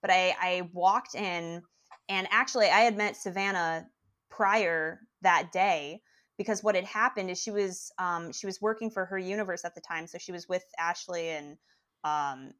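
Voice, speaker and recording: A young woman telling a long personal story as a guest, animated and rambling, with lots of restarts. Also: on the low side, moderate pace. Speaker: podcast guest. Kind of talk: casual storytelling.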